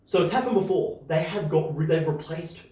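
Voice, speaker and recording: A man hosting a podcast, chatting casually and getting excited as he lays out his opinions. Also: a little high, distant mic. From Australia. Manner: excitable, opinionated, speeds up and slows down. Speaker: podcast host. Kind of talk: casual chat. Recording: echoey room, voice off-mic.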